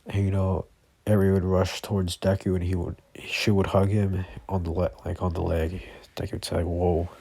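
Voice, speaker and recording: Brief: rambling male storyteller, casual, low monotone, husky. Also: moderate pace. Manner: rambling, lots of fillers and self-corrections. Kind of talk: casual improvised fan storytelling.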